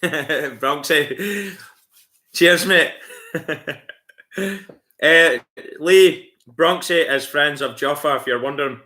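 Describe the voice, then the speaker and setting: Bright-voiced Scottish man chatting to viewers. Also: on the high side, drawn-out words, long pauses. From Scotland. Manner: friendly and chatty, calls viewers mate, laughs often. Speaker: livestream host. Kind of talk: casual chat reading out viewer comments.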